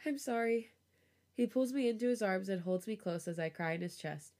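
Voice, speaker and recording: A woman reading a romance story aloud on a podcast, with a relaxed storytelling voice. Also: medium pitch, a little fast. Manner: laughs often, giggly reactions. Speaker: podcast host reading fan fiction aloud.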